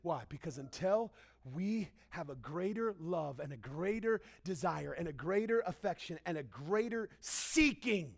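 A young man preaching a sermon as pastor, animated, acting out quotes and swinging between loud and hushed. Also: on the high side, a little slow, vocal fry.

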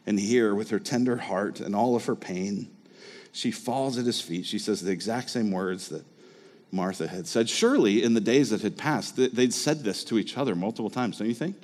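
A man's voice: on the low side, normal speed, a little mellow, big-room sound. A man preaching a sermon as a pastor, talking in a conversational way and asking the listeners rhetorical questions.

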